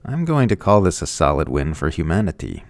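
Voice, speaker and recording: Gravelly low-voiced man reading sardonic commentary. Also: very animated, brisk, no room sound, studio quality. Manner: sardonic, mock voices for quoted people. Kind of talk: scripted commentary narration.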